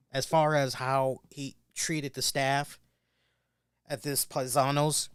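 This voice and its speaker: A man hosting a wrestling review show, telling a story in an animated way and acting out the people in it with loud bursts. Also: medium pitch, smooth, dry recording, studio quality. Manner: emphatic, acts out quoted voices with loud bursts.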